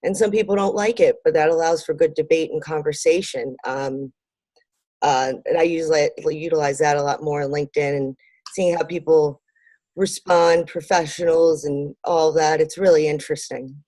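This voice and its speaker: A woman with a low, mellow voice answers interview questions in a relaxed, rambling way, full of ums and little laughs. The sound is dry and close. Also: normal speed, no echo. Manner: lots of ums and fillers, laughs easily. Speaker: interview guest, marketing business owner. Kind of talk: conversational interview.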